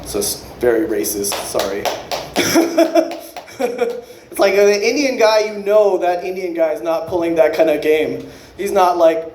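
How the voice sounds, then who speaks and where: High, lively man rambling on stage. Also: reverberant, a little hiss or hum. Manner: rambling, profane, with quick self-correcting asides. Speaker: stand-up comedian. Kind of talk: unrehearsed stand-up set.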